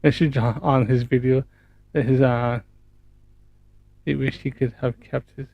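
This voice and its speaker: A man's voice: medium pitch, steady tone, slow pace, gravelly, no echo, highs cut off. A man casually commenting over a video clip, mocking and swearing often. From Canada. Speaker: commentator reacting to a stream.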